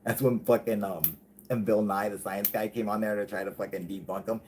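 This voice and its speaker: A man hosting a live stream, chatting casually and rambling with lots of swearing, saying he is high. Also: flat delivery, fairly quick, a little mellow. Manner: profane, rambling, laughing often. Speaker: host.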